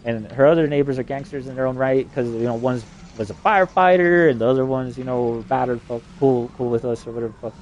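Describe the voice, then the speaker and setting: A man's voice: mid-range voice, a little mellow, lo-fi sound, slight background noise. A man rambling through a personal story in a profane, casual way. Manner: profane, rambling, fast-talking.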